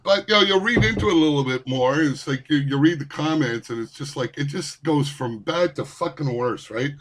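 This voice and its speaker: Man ranting angrily, higher-pitched voice. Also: brisk, fairly bright tone. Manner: heated, swearing, repeats words and restarts. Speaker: vlogger ranting. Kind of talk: angry profane rant.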